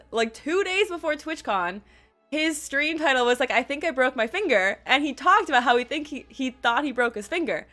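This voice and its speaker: A young woman telling a casual storytime vlog, bubbly and quick, full of "like" and acted-out quotes. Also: high-pitched, pushed and bright. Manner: bubbly, quick, lots of "like" fillers and quoted voices. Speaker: vlogger.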